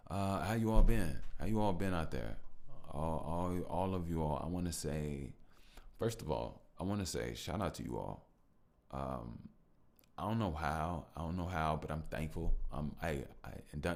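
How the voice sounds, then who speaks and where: A man with an extremely low, gravelly voice talks alone into the mic for his podcast audience. He reflects and grows emotional, repeating phrases and thanking listeners as he goes. His delivery is loose and heartfelt. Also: normal speed, a little mellow. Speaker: podcast host. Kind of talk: reflective solo podcast talk.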